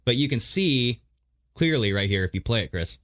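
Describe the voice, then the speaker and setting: A man hosting a podcast in casual chat, animated and profane, directing what is shown on screen. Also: medium pitch, normal speed. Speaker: podcast host.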